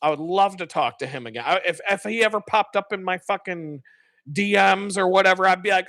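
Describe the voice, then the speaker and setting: Male streamer, bright, dry close sound, swears freely while spinning stories. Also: sits high, fairly quick, no echo. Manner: profane, animated, laughs often. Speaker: live streamer. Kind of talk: casual storytelling.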